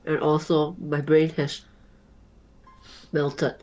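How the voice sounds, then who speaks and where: A woman with a lowish voice chats casually as co-host of a game stream, playful and quick with a joke. Faint music plays behind her. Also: flat delivery, darkish tone, muffled recording. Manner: playful, jokey, sings bits of songs. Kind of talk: casual let's play chat.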